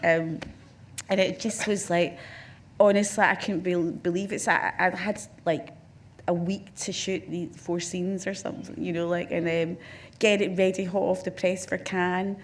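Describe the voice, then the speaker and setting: A Glaswegian woman from Scotland talks at normal speed in a lowish voice with little pitch movement. She's a film director and interview guest on a festival stage with an audience, and her anecdotes about her career ramble along, full of restarts and "you know."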